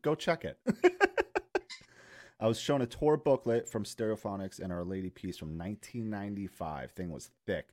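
A man's voice: on the low side, moderate pace, darkish tone. A man hosting a casual stream chat, laughing often and swearing freely. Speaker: stream host.

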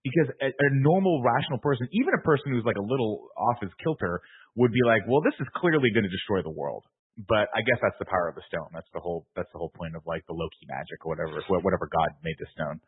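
A man bantering on a podcast, joking quickly with his co-hosts. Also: lowish voice, expressive, slightly rough. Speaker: podcast co-host. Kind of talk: casual banter. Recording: tinny, phone-like sound.

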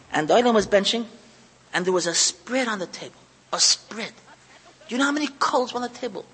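Guy preaching a heartfelt sermon, high bright voice, long hall echo. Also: slightly rough. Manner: heartfelt, repetitive, moved close to tears. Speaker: lecturer running a kollel. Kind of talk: emotional Torah talk.

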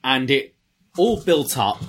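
A man's voice: medium pitch, very animated, slow pace, a bit bright, slight background noise. A man co-hosting a podcast, chatting casually and recounting wrestling history. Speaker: podcast co-host. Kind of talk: casual chat.

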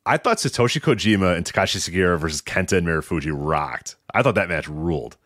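A man's voice: deep voice, expressive, fast talker, fairly bright tone, no echo, clean studio sound. A man co-hosting a podcast, chatting casually and telling stories with laughs. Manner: laughing storyteller, mimics others. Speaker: podcast co-host.

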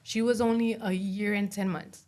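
A young woman speaking as an interview guest, giving a personal testimony in a soft voice full of "you know" and "like". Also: medium pitch, steady tone, moderate pace. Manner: soft-spoken, many fillers like "you know" and "like".

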